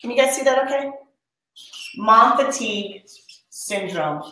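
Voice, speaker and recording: A woman's voice: fairly high pitch, animated, unhurried, sharp tone, roomy sound, slight background noise, low-quality recording. A woman hosting a live coaching session for mothers, reading out viewer comments and leading them through a spoken pledge. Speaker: mom coach hosting a live online workshop. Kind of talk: live-streamed motivational coaching.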